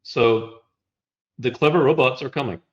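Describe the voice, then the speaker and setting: A man walking through slides in a relaxed conversation, explaining step by step with a wry touch. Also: mid-range voice, moderate pace, dull audio. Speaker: guest presenting slides.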